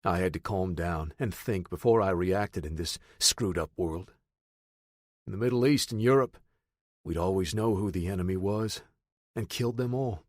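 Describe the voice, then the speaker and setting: Casting: low male audiobook narrator, matter-of-fact, dry studio sound. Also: normal speed, dry recording. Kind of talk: first-person audiobook narration.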